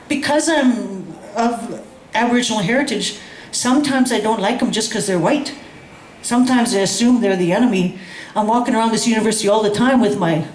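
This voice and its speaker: A woman telling a personal story in a lively, animated way, acting out the voices of others with laughter. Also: fairly high pitch, reverberant, slight background noise. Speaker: guest storyteller. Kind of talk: casual storytelling.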